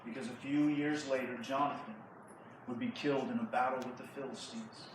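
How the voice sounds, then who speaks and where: A man, a youth pastor, retelling a Bible story in a lively, slangy way to a church group. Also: mid-range voice, brisk. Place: church hall. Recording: echoey hall from far off, faint noise.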